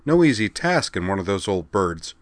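A man voicing a brisk female helm officer on a starship. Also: on the low side, big pitch swings, dry recording.

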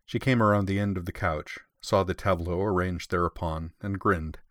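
A man reading a story aloud in an expressive, measured way. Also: deep voice, no room sound, studio quality. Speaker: story reader. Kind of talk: reading fan fiction aloud.

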